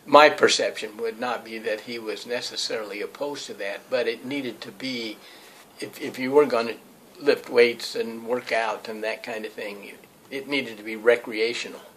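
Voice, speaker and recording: A man recalls the past in casual, hesitant speech with frequent pauses. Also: medium pitch, fairly even intonation, fairly bright tone, slight background noise, rough recording. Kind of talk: casual recollection.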